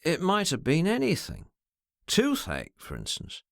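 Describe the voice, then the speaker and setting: Cool lazy gentleman boss, murmurs slow and tolerant, a bit sinister, as a man reads him. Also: a little high, wildly swooping pitch, creaky, no echo, studio quality, pitched above the performer's own voice, full character voice. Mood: skeptical. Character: languid, cool gentleman master, quietly menacing.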